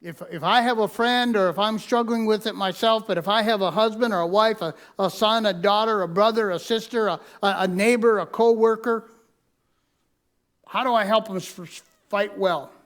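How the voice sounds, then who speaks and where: High-voiced male pastor preaching. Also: moderate pace, a bit bright. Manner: repeats key lines for emphasis; tells listeners to mark their notes. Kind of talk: sermon with personal story. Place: church sanctuary.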